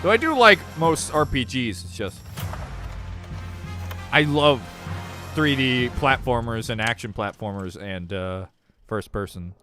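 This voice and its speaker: A man streaming live, reacting to a game showcase with excited, sarcastic commentary. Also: mid-range voice, unhurried, pauses often. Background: game trailer music.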